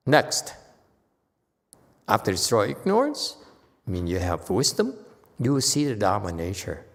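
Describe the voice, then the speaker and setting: Man, Buddhist teacher, measured dharma lecture, keeps asking the room "okay?", echoing hall. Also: fairly low pitch, wildly swooping pitch. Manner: unhurried, keeps checking in with listeners. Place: temple hall. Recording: long hall reverb.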